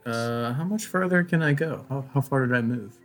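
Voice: mid-range voice, moderate pace. A player in a tabletop game speaking as a bard, playful, slipping into a put-on Jersey accent.

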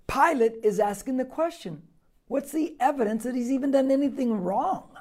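A male pastor teaching a Bible passage verse by verse, emphatic, posing rhetorical questions and swinging between quiet asides and loud, stressed points. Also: very high voice, normal speed.

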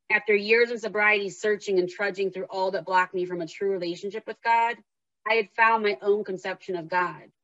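A woman's voice: mid-range voice, dry recording, lo-fi sound. A woman host talking candidly and heartfelt, then reading aloud from her own memoir. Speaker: podcast host and memoir author.

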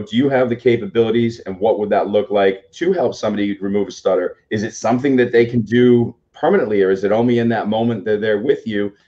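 A man's voice: fairly low pitch, mellow. A man co-hosting a talk show and asking rambling questions over a video call. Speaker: podcast co-host and coach. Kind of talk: casual interview questions. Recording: dull lo-fi audio.

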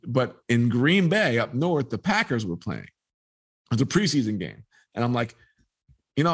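A man recounting a story as an interview guest, mid-pitched and close to the mic in a dry space. He tells it with energy and slips into the voices of the people he quotes. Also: no echo. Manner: animated, acts out quoted dialogue. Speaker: sports photographer, interview guest. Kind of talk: storytelling anecdote.

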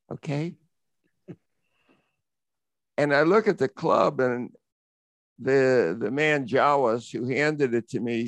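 A middle-aged American man, speaking at medium pitch, tells an adventure story as an interview guest. His telling is vivid and reflective, building into excitement as the anecdote grows animated. There's no echo on the recording.

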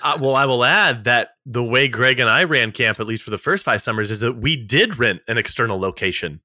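Emphatic, motivational man, bright dry voice. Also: mid-range voice, expressive, a little fast, no room sound. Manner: emphatic, motivational, repeats key phrases; a little sarcastic. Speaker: podcast co-host. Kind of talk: casual podcast chat.

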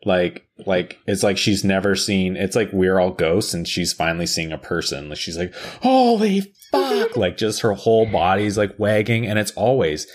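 A woman chatting casually and telling a story, swearing freely and jumping into high voices to quote people. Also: moderate pace, hardly any pauses. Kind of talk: casual chat.

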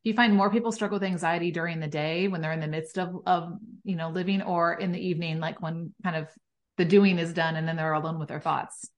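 A woman's voice: fairly low pitch, fairly even intonation, fast. A woman hosting a podcast, asking friendly, curious questions with plenty of fillers. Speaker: podcast host. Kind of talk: conversational podcast interview.

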